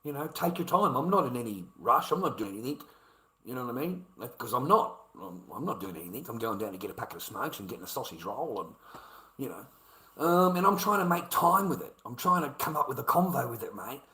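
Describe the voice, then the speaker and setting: Older Aussie bloke, aggrieved swearing rant, bright tense voice, roomy echo. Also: male voice, medium pitch, very animated, fairly quick. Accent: Australian. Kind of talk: ranting vlog monologue.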